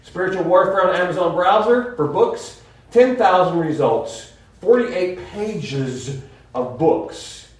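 A man's voice: sits high, lively intonation, slow. A man preaching a sermon in an earnest, rambling way, often restarting his sentences. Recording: very echoey room, voice from far off mic.

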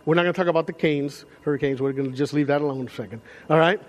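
High-voiced male pastor preaching in a hall. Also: very fast. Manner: animated, conversational preaching with repeated restarts. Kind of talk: sermon. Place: church sanctuary.

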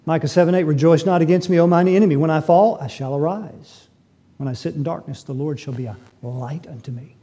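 Man, pastor, sermon, emphatic, rhetorical questions, mellow tone. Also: a little high, fairly even intonation, fairly quick, husky.

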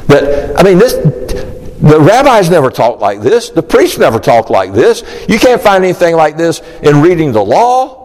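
A man preaching an expository sermon, emphatic and animated, acting out the disciples' questions. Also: fairly high pitch, normal speed, big-room sound, low-quality recording.

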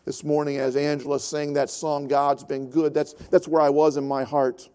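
A man in his fifties preaching a sermon as pastor, earnest, rising in force and then dropping to a soft, slow hush. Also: fairly high pitch, level tone, clean tone. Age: 50s.

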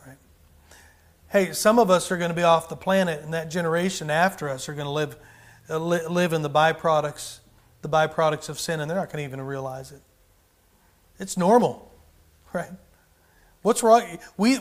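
A man's voice: fairly high pitch, a bit bright. A man preaching a sermon with fervor, often rising and then dropping his volume. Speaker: pastor.

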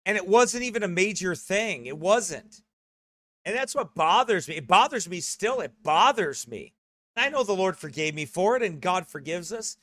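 A man's voice: sits high, lively intonation, moderate pace, fairly bright tone, dry recording. Earnest man preaching, dry close sound. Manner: conversational, earnest, self-correcting. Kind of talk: sermon.

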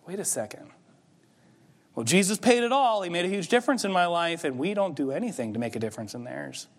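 Pastor, male, higher voice, chatty preaching that swells to emphatic points, reverberant sanctuary. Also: big pitch swings, quick pace. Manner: conversational preaching, rising to emphatic peaks. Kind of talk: sermon. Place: church sanctuary.

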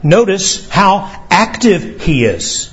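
A male pastor preaching slowly and deliberately, his voice sitting a little high. His earnest delivery lifts on questions. The recording is dull and lo-fi. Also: very animated, fairly bright tone. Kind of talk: sermon.

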